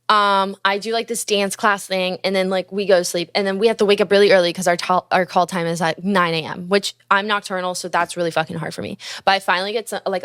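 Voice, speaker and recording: Her pitch is medium and her tone clean, with no room sound in this clean studio recording. A young woman, a musician and podcast host, tells a casual story full of swearing and lively impressions of what others said.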